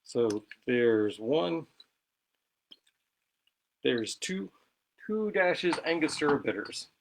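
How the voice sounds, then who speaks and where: A man's voice: medium pitch, very animated, extremely slow, creaky, a little hiss or hum. A man hosting a casual cocktail show from his home bar, chatty and self-deprecating as he talks through each step while mixing.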